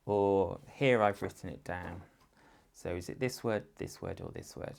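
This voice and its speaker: Low gravelly male teacher. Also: a little mellow. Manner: slow, patient, demonstrates sentences and sounds in different voices. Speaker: primary school teacher. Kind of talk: instructional talk to parents.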